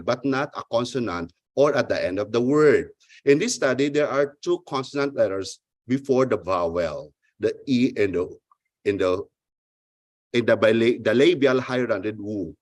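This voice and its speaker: Give me a man giving a formal conference presentation in a dry, close recording, careful and a little halting. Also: medium pitch, no room sound. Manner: halting, restarts words, careful formal reading. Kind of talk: academic paper presentation. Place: online conference talk.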